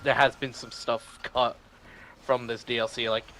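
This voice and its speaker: A man's voice: mid-range voice, level tone, moderate pace, bright, forceful tone, slight background noise, rough recording. A man on a gaming stream, eagerly arguing lore points, swearing casually and laughing as he talks. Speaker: co-player on stream.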